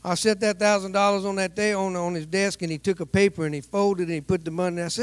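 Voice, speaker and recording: A man preaching with animated storytelling, acting out the people in his tale. His voice sits higher than most men's. The sound is dry and close, with no room around it. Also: quick pace, hardly any pauses, clean tone, dry recording. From United States. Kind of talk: sermon storytelling.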